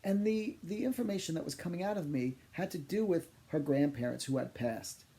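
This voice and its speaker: A man working as a psychic medium, telling funny personal stories in an animated, exaggerating way. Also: fairly high pitch, fairly quick. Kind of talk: humorous personal storytelling.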